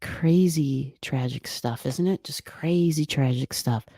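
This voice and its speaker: A woman hosts a casual livestream from home, her voice low and mellow. She rambles and restarts mid-thought, stopping to read viewer comments aloud. The sound is close and dry, with no room around it. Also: breathy edge, no room sound. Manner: rambling, halting, many restarts and fillers. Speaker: livestream host. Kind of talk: casual live-stream chat.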